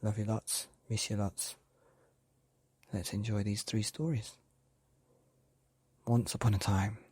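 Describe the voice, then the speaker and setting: A man hosting a bedtime story podcast, speaking gently and playfully to children. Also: lowish voice, level tone, slow pace, breathy edge, no echo.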